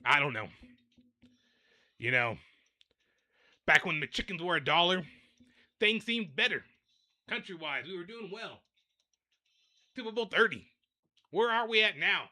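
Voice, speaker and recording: A man's voice: high-pitched, lively intonation, measured pace, pauses often, sharp tone. A young man hosting a livestream, ranting and rambling in a repetitive, fed-up way while addressing his viewers directly. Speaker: livestream host.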